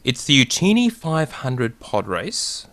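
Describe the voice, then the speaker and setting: A man co-hosting a podcast, talking in a lively, talkative casual chat. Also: mid-range voice, takes it slowly, no echo. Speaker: podcast co-host.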